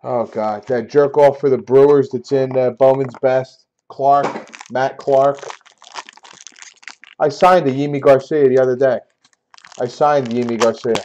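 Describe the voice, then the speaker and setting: A man hosting a sports card break live, talking casually and getting loudly exasperated, repeating himself. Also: mid-range voice, steady tone, a little slow, muffled recording, slight background noise. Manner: exasperated, repetitive, loud outbursts. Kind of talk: casual live-stream banter.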